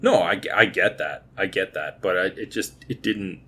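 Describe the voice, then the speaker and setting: A man's voice: low-pitched, moderate pace, bright, forceful tone, a little hiss or hum. A man in his thirties co-hosting a podcast, chatting casually and restarting his words as he thinks. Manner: talkative, repeats words while thinking. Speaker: podcast co-host. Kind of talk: casual movie review chat.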